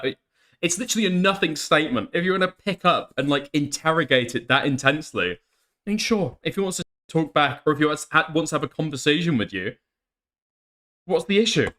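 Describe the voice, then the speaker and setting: A man's voice: on the high side, expressive, a little fast, bright, forceful tone. A man hosting a commentary channel, talking casually over clips and mocking them, laughing often.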